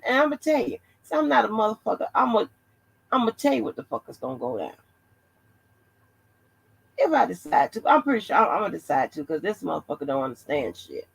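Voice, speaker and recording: A woman's voice: on the low side, creaky, breathy edge, rough recording. A woman hosting her own channel, talking bluntly and profanely in a rambling commentary with many restarts. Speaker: channel host. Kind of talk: casual commentary vlog.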